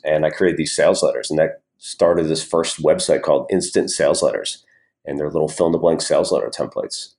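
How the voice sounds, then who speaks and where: A man being interviewed as a guest entrepreneur, telling stories in a relaxed, rambling way with many fillers and restarts. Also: a bass voice. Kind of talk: casual interview storytelling.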